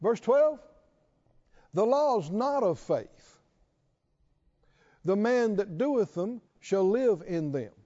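A man's voice: high-pitched, big pitch swings, slow pace, long pauses, dark tone, dull audio. A man preaching a sermon to a responding congregation, repeating questions and building to emphatic calls.

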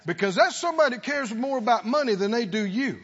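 A man preaching with a husky, high voice that swings widely in pitch, calling out to his congregation for answers. His emphatic peaks ring through a long church reverb on a dull, lo-fi recording. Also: expressive, fast. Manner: call-and-response preaching, rising to emphatic peaks. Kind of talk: sermon.

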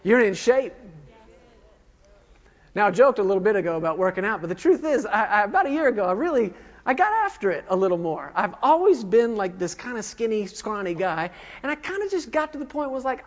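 A man's voice: high-pitched, expressive, a little fast. A man in his thirties preaching a sermon, firing emphatic questions at the congregation. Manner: emphatic call-and-response questioning. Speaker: pastor. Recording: dull lo-fi recording with long hall reverb.

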